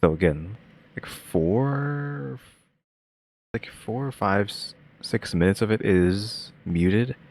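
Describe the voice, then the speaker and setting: Deep-voiced rambling reaction streamer man. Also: expressive, takes it slowly, a little mellow. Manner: rambling, many fillers and restarts. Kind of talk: casual commentary.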